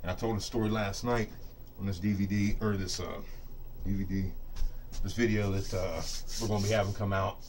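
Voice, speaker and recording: Against a noisy background, a middle-aged man who hosts craps dice-control videos speaks at normal speed in a fairly low, fairly even voice with long pauses. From his home dice-rolling studio, he delivers an unscripted, profane rant to camera, boastful and fired up, repeatedly saying "you know what I mean."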